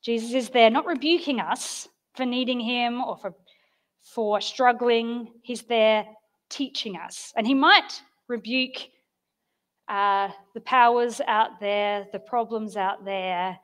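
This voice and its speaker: A woman giving an informal, chatty sermon, telling stories with gentle humour. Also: on the high side, slow pace. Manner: chatty and storytelling, with soft self-deprecating humour. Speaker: preacher.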